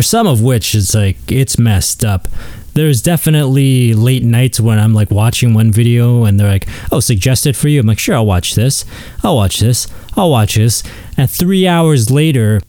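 A man's voice: medium pitch, warm tone, dry recording. A man hosting a podcast, delivering a crude, sarcastic, rambling comedic monologue. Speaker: podcast host.

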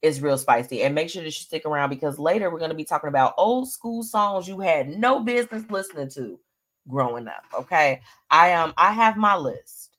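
A woman hosting a live stream, talking in a casual, animated way and reading viewers' comments aloud. Her voice sits a little low, and she laughs often. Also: a little fast. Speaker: live show host.

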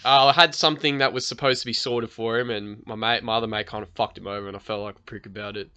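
A man's voice: on the low side, steady tone, fast talker, crowd noise. A young Australian man chatting casually as a podcast guest, crude and rambling, swearing often. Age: young adult. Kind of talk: casual chat.

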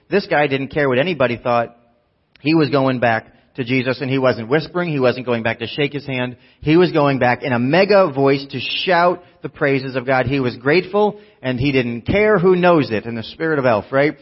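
A man preaching a sermon in an animated way, acting out voices and dropping quiet for emphasis. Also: medium pitch, fairly quick, dull audio. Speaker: pastor.

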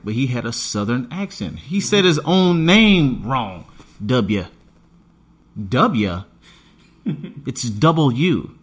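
Talker man for a podcast, heated and lively, swears a lot, big swings in pitch. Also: breathy edge. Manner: animated, profane, emphatic ranting. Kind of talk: casual podcast chat.

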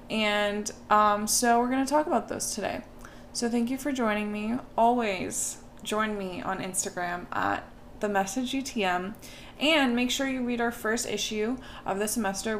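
A woman's voice: medium pitch, vocal fry, slight background noise. A young woman hosting a casual solo podcast, chatty and self-deprecating, filling her talk with "like" and "um". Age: young adult. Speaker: podcast host.

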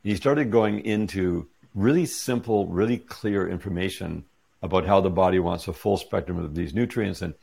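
Middle-aged man, storytelling guest: deep, husky, gravelly voice, acts out the quoted lines. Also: normal speed. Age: 40s or 50s. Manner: animated retelling with quoted dialogue. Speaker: interview guest. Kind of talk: casual storytelling.

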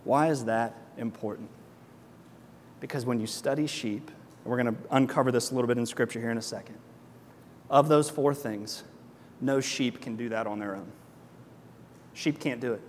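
A young adult man preaching a sermon as pastor, energetic and conversational, full of rhetorical questions. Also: mid-range voice, normal speed, long pauses, long reverb tail, slight background noise.

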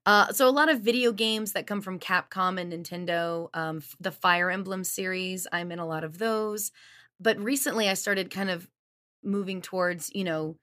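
A woman's voice: on the low side, moderate pace, sharp tone. A woman from Louisiana with no regional accent, a voice actor chatting as a podcast guest in an upbeat way and laughing easily. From Louisiana, USA. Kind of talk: casual podcast chat.

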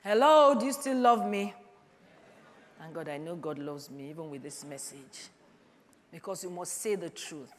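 A woman's voice: fairly low pitch, expressive, normal speed, pauses often. Fifty-year-old woman preaching in a hall. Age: 50s. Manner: calls out "Hello?" to the congregation, swings from loud to quiet. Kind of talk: sermon. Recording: long hall reverb.

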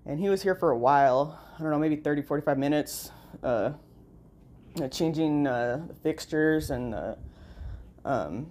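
A woman's voice: deep voice, unhurried, long pauses, darkish tone. A tired, sleep-deprived woman with a nasal voice, talking in a rambling casual vlog, full of "like" and "you know" and freely swearing. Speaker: vlogger.

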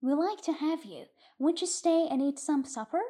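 A woman's voice: high voice, expressive, moderate pace, warm tone. A woman voicing Mrs Garner, a stern but kindly farm mother, in an audiobook reading. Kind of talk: audiobook reading of a short story.

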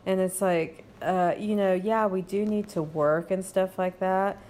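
A woman's voice: mid-range voice, steady tone, a little slow, a little mellow, a little hiss or hum. A woman hosting a podcast, talking in a casual, rambling monologue with many fillers and reassuring "okay?" asides. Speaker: podcast host. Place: home.

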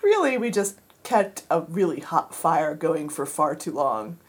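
A woman co-hosting a radio show in casual chat, telling animated stories and laughing often. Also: sits low, a little slow, slightly rough.

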